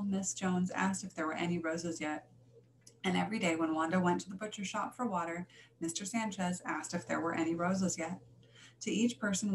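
A woman's voice: medium pitch, slight background noise, poor audio. Woman reading a children's story. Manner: expressive, gentle storytelling.

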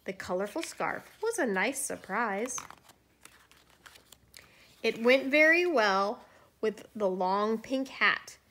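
A woman storyteller reading a rhyming children's picture book aloud with lively, rhythmic expression. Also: a little high, takes it slowly, pauses often.

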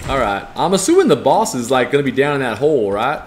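A man's voice: medium pitch, very animated, quick pace, background noise. A man with a strained voice giving joking, profane live commentary as he plays a game and reads chat aloud. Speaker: game streamer.

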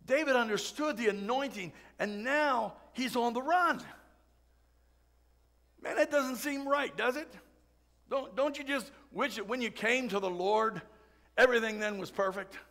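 A man's voice: very high voice, measured pace, fairly bright tone. A man preaching a Sunday sermon in a church, chatty and full of asides and jokes. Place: church sanctuary.

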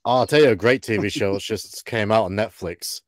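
A man's voice: fairly low pitch, fairly quick, no room sound, clean studio sound. A man with an English accent, a guest chatting casually with laughs. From England. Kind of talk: casual chat.

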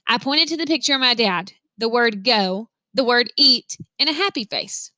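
A woman reading a novel aloud, telling the story in an expressive first-person voice. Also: fairly high pitch, normal speed, no room sound. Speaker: reader.

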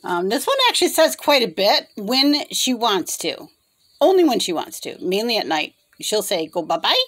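A woman's voice: mid-range voice, very animated, normal speed, fairly bright tone. A middle-aged woman chatting casually about the birds she cares for, slipping into sing-song baby talk with them. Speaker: bird rescue caretaker. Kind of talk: casual chat.

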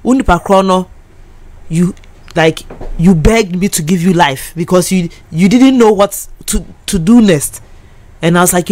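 A Ghanaian woman crying as she speaks on the radio, halting and repeating herself as she slips between English and Twi. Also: fairly low pitch, darkish tone. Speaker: radio guest. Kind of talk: emotional on-air confession.

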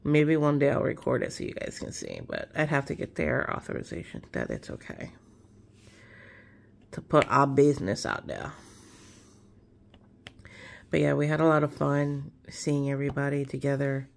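A woman chatting casually while she crafts, relaxed and rambling with many fillers. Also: a bass voice, normal speed, creaky, pauses often. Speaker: craft vlogger.

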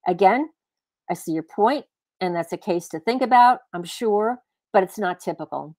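A woman's voice: medium pitch, expressive, normal speed, a little mellow, no echo. A woman voicing a condescending, lecturing man. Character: argumentative dismissive man in a cafe.

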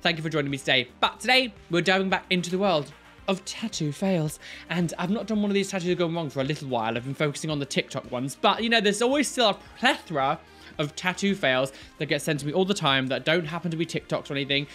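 A man hosting a reaction video, talking in an animated way with shocked outbursts and giggles, in a room of his new home. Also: a little high, fast, soft background music. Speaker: YouTube host reacting to tattoo fails. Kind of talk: reaction commentary.

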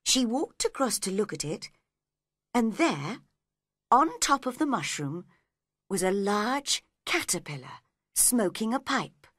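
Slow deliberate woman narrating a storybook. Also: mid-range voice, big pitch swings, fairly bright tone, no room sound, clean studio sound. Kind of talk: slow read-along narration for English learners.

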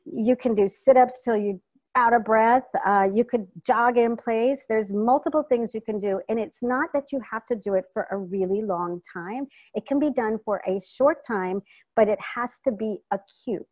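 Animated woman giving a dry-sounding wellness talk. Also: on the high side, normal speed, dry recording, muffled recording. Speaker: wellness coach. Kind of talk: online community health talk. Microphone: video call.

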